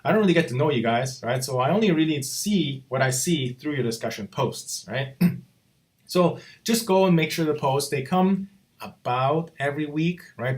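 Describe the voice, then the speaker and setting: A man teaching a college course in a recorded walkthrough, chatty and relaxed, checking in with "right?" after nearly every point. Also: medium pitch. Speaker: college instructor. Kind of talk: recorded screen-walkthrough lecture.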